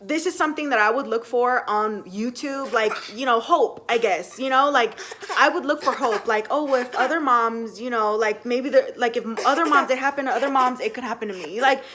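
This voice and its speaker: Young woman vlogger, chatty and animated, slightly high voice, speaking at home. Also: moderate pace, a little hiss or hum. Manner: chatty, animated, full of fillers. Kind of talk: casual storytelling to camera.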